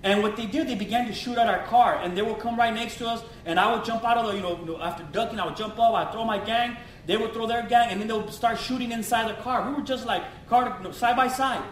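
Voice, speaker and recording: A middle-aged man, a pastor from Los Angeles telling his testimony in an animated way, full of slang and acted-out quotes. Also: high-pitched, quick pace, few pauses, slight background noise. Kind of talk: testimony sermon. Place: church. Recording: echoey church hall from far off.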